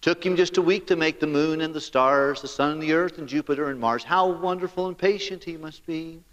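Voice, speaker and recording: A man preaching a sermon as pastor, animated and talking straight to his congregation. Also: fairly high pitch, a little fast, in a large hall.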